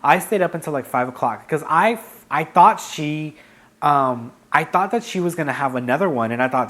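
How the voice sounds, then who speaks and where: A man's voice: a little high, expressive, moderate pace, a bit bright. A man telling a personal story in a casual, frank way, with frequent fillers and self-corrections. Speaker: vlogger, psychic medium.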